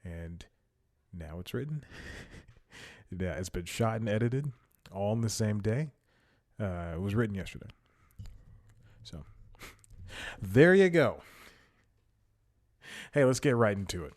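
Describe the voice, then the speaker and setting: A man's voice: fairly low pitch, big pitch swings, slow, pauses often, darkish tone. A man hosting his own podcast, chatting casually in a rambling, self-mocking way and chuckling often, a little out of breath. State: slightly out of breath. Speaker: podcast host. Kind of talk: casual solo podcast chat. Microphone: headphones and studio mic.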